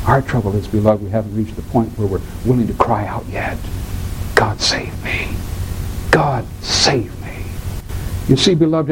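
A man delivers a sermon with great drama, his fairly high voice climbing high and then sinking to a near whisper. He stretches out key words and slips into the voices of the people he quotes. The pitch moves all over the place from line to line. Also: a little hiss or hum, poor audio. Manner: dramatic, swings from soaring to hushed. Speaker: pastor.

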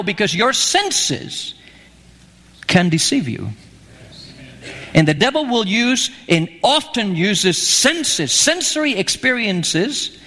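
With a very high-pitched, bright, forceful voice, a man gives a sermon that feels like a conversation, repeatedly asking his audience questions. It's recorded in an echoing hall.

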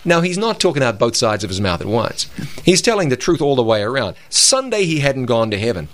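A man's voice: mid-range voice, big pitch swings, a little fast. A man co-hosts a Bible discussion program with an emphatic, preacherly delivery. He leans on scripture quotes and presses his points home with a mid-range voice. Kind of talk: religious broadcast discussion.

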